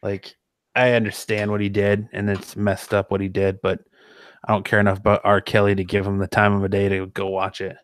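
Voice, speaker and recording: A man's voice: lowish voice, monotone, a little fast, clear, resonant tone, no room sound. A man hosting a casual podcast chat, loose and rambling, often restarting his sentences. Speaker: podcast host.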